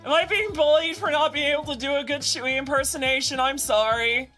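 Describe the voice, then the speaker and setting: A woman streaming live and chatting casually with her viewers, excitable and often shouting in playful exasperation. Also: high voice, fairly quick, faint music behind.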